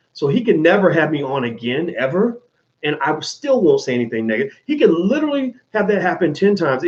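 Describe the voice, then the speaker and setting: A middle-aged man giving a casual, emphatic monologue as a commentator, often restarting his sentences. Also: a little high. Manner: animated, emphatic, frequent restarts. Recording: dull lo-fi sound.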